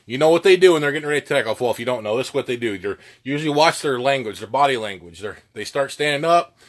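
A man's voice: medium pitch, lively intonation, quick pace. A man giving a casual lesson on goose calling, plainspoken and folksy, with plenty of filler words. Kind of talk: casual instructional talk.

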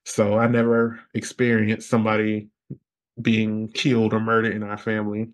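A man as a podcast guest telling a personal story in casual interview talk, rambling with fillers and jumping high in pitch when he quotes others. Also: normal speed. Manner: animated, jumps high when quoting others.

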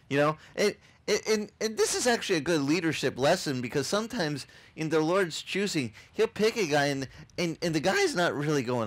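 Animated man preaching a sermon. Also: on the high side, normal speed. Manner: animated storytelling, acts out voices of people and God. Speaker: pastor. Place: outdoor beach service.

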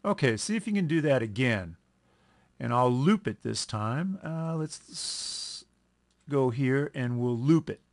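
A man teaching a music lesson over a screen recording, explaining at an unhurried pace, correcting himself and counting beats aloud. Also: mid-range voice, animated, a little hiss or hum. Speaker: music instructor.

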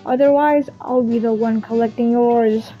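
A woman voicing a scheming male devil who owns a casino, reading his threats in a booming, menacing way. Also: steady tone, normal speed, dark tone, dull audio, faint music behind, natural voice.

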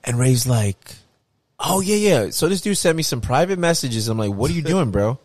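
A man's voice: mid-range voice, expressive, brisk, a little mellow, no room sound. A man in his thirties co-hosting a podcast, telling stories in casual chat and mimicking people in raised voices. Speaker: podcast co-host.

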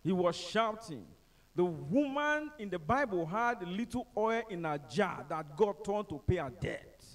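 A man with a Nigerian accent who speaks as a motivational speaker, telling humorous stories to a live audience in an animated, joking manner. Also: high-pitched, moderate pace, far from the mic. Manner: animated, joking, acts out the people in his stories.

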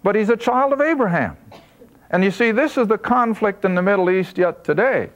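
A man teaching a Bible study lesson, emphatic and slowing down to stress key points. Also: high-pitched, expressive.

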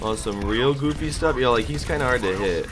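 A man's voice: mid-range voice, a little fast, over music. Hyped young man narrating his gameplay. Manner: hyped, joking trash talk, laughs a lot. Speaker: gaming YouTuber. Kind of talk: casual gameplay commentary.

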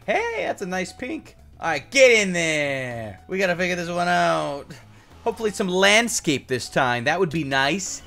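A woman's voice: on the low side, big pitch swings, unhurried, a bit bright, faint music behind. Exasperated, sarcastic woman gamer. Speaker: Minecraft gameplay commentator. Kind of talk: scripted gameplay commentary with a partner.

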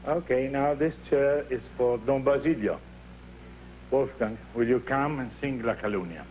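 An older man with an Italian accent coaches young singers, his speech animated as he acts out little scenes and voices. The recording is dull and lo-fi, with a faint hiss behind him. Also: medium pitch, normal speed. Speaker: opera teacher leading a masterclass. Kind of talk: teaching and storytelling.

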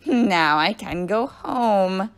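A woman reading aloud, voicing a mean, magic-wielding female teacher who shrieks and shouts. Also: expressive, drawn-out words. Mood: gleeful. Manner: shrill, shouting.

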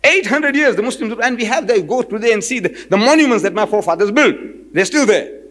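A man telling a personal story in a lecture, animated and rhetorical, retelling conversations. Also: very high-pitched, fast, low-quality recording. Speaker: public speaker.

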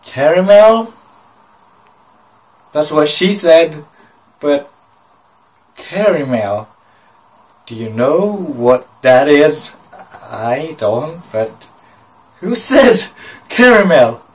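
Casual male vlogger, unhurried and halting, recorded a bit off-mic. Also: on the high side, sing-song, a little mellow, distant mic, low-quality recording. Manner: hesitant, with many fillers and pauses. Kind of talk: casual travel vlog narration.

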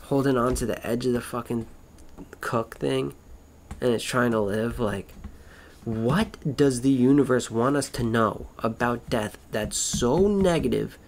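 A man's voice: medium pitch, measured pace. A man rambling through a casual monologue, swearing constantly, wandering between thoughts and trailing off mid-sentence. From Florida.

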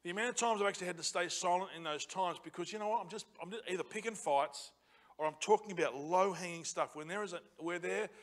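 A man preaching a sermon as pastor in a church, passionate and building to loud emphatic repetition. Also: sits high, fast. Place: church auditorium.

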